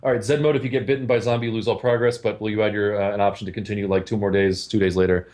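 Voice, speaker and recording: A man's voice: fairly low pitch, level tone, very fast, darkish tone. A man casually hosting a developer Q&A podcast, rambling with lots of fillers. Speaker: game developer, stream host.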